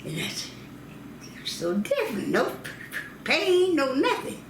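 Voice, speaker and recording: A woman's voice: high voice, huge pitch swings, measured pace, reverberant, background noise. An older woman from North Carolina, recalling childbirth stories, acting out quoted voices and laughing often. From North Carolina, United States. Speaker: interviewee telling family history.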